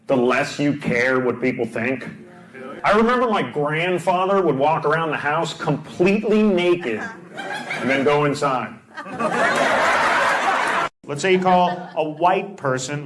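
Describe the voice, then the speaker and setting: Here a male stand-up comic does crowd work on a club stage, needling the audience with dry one-liners. His fairly high voice has lively intonation, and he speaks a little slowly. The live recording carries loud noise.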